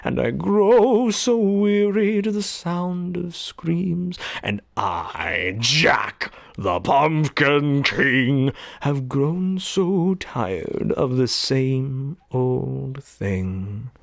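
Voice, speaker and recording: A man putting on a weary skeleton king who sighs through every line. His phrases stretch slow and mournful, swinging between high wails and low murmurs in a close, dry sound. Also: lively intonation, vocal fry, no room sound, full character voice. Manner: slow, drawn-out, mournful delivery.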